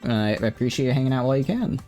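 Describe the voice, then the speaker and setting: Male game streamer with hiccups, lively voice going up and down, chatty with viewers, faint music behind. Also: medium pitch, very fast. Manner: thinks aloud, excitable, chatty with viewers. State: has hiccups. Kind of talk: live gameplay commentary.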